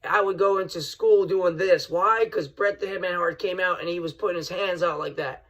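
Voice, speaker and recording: A middle-aged man hosting his own podcast, talking straight to listeners in an excitable, rambling monologue that keeps calling them folks. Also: high-pitched, normal speed. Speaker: podcast host.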